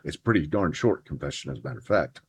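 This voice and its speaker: A man's voice: very deep voice, animated, very fast, breathy edge. A man hosting a podcast, talking theology in a casual, earnest way with his spouse and building to emphatic points. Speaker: podcast host. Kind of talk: casual theology chat, partly read from notes.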